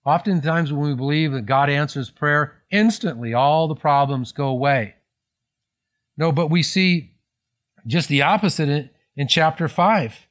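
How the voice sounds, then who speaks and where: A man's voice: fairly high pitch, a little slow. A man preaching a sermon in a conversational tone, explaining scripture with frequent restarts and self-corrections. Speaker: pastor.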